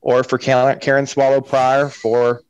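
A man's voice: mid-range voice, monotone, moderate pace, smooth, dry recording, dull audio. A man co-hosting a podcast, speaking in an opinionated and emphatic way in casual discussion.

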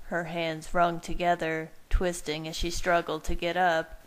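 Slow, soft-spoken woman reading a story. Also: fairly low pitch, completely flat delivery, rough recording. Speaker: fan fiction reader. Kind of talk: first-person story narration.

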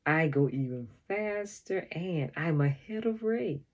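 A woman reads a children's chapter book aloud, unhurried and expressive. Her voice sits a little low and is husky, with a tune that rises and falls widely. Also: highs cut off. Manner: expressive first-person storytelling. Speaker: storybook reader.

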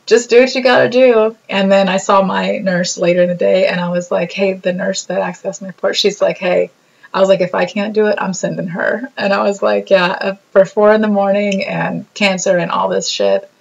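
A woman talking casually about her own hospital stay, telling stories with lively acted-out quotes. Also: normal speed, vocal fry, breathy edge, lo-fi sound. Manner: animated storytelling, acts out quotes in a bubbly high voice. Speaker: vlogger reacting to her own video. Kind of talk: casual reflective chat.

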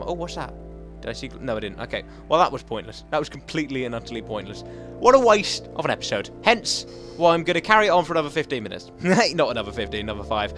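A young man giving let's play commentary, self-mocking with sudden excited outbursts. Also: fairly high pitch. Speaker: gaming channel host. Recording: faint game music behind.

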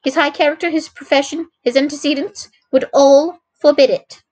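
A woman's voice: high voice, steady tone, moderate pace, darkish tone, voice pushed up, close to an everyday voice, low-quality recording. A woman reading the part of an agitated middle-aged landlady who pleads anxiously and formally for her son.

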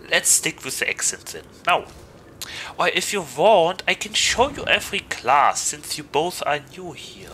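A man's voice: on the high side, sharp tone, slight background noise, rough recording. A man with a German accent chatting loosely and jokingly to viewers as a game streamer. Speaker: VTuber streamer. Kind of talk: gaming livestream chat.

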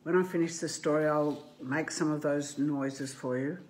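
A woman gently reading her picture book aloud to children, making playful animal noises now and then. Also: low voice, fairly even intonation, normal speed.

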